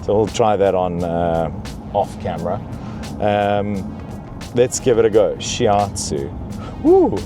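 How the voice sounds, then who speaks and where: A young man speaks slowly in a low voice as music plays behind him. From the back seat, he hosts a comedic review of a luxury car, hamming up a mock-pampered attitude.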